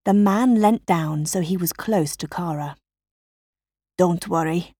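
A woman reading a children's story aloud in a slow, careful narrating voice. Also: fairly low pitch, mellow, slightly rough, no room sound, clean studio sound.

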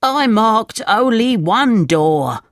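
A storyteller puts on an eager young thief in a bandit gang, keen to please his leader. His lines come out slow and carefully spaced, with a close, dry sound right on the mic, and climb higher when he gets worked up. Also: no room sound, close to an everyday voice. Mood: protesting. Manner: storybook reading, voice raised when excited. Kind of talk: storybook read-aloud.

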